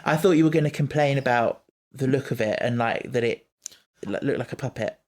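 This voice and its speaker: A podcast host, chatting casually about an episode, animated and quick to quote scenes. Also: mid-range voice. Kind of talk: casual chat reviewing an episode.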